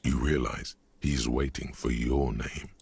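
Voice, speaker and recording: A man voicing the deep, gravelly inner narrator of a detective game, speaking in grave, measured tones. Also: steady tone, heavily acted.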